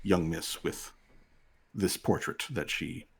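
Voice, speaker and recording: A man voicing a courteous male city official in a tabletop game, speaking slowly and formally with filler pauses. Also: deep voice, creaky, husky, voice pushed down, full character voice. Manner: slow, formal, hesitant with fillers.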